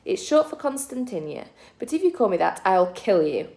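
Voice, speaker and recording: A woman reading aloud and voicing a bossy, blunt young girl who talks in a sharp, defiant way. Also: mid-range voice, big pitch swings, normal speed. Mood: snappy.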